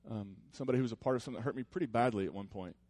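Delivering a sermon, this man of the cloth sounds earnest and friendly at a middle pitch, then drifts into softer, thoughtful moments. His delivery races along.

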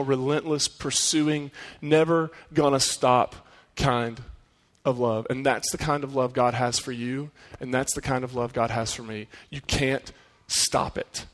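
A man's voice: mid-range voice, big-room sound. A man preaching a sermon in an earnest, conversational way, often putting rhetorical questions to his listeners. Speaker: pastor.

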